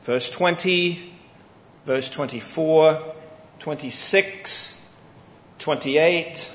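Earnest male preacher in echoey hall. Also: on the high side. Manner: earnest, emphatic expository preaching with deliberate pauses. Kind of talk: sermon. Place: church sanctuary. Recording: echoey church hall with long reverb.

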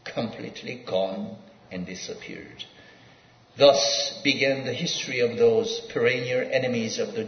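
A male preacher giving a sermon, reading scripture aloud in an emphatic, pausing delivery. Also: mid-range voice. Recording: dull echoey hall sound.

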